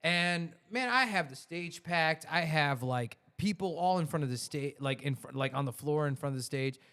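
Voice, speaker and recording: Young male podcast host, slightly high pitch, slangy animated storyteller. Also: moderate pace, smooth. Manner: animated storyteller, slangy, drops "dude" and "bro". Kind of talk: casual chat.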